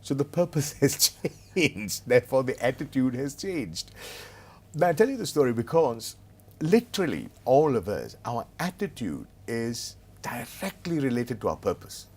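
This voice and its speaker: A man's voice: medium pitch, very animated, moderate pace, slightly rough. A middle-aged man, a consultant telling humorous, self-mocking anecdotes in a conversational interview. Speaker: business consultant and author as guest.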